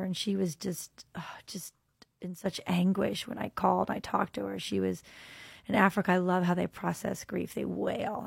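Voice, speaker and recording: A woman hosting a faith podcast, telling a personal story with lively expression and moving into quiet, earnest prayer. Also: medium pitch, vocal fry, husky, dry recording.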